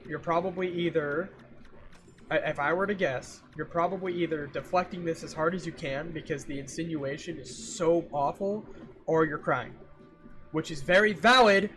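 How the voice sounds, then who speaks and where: A man streaming and chatting casually with viewers, ranting in an animated, exasperated way and repeating himself for emphasis. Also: fairly high pitch. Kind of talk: casual livestream chat with viewers.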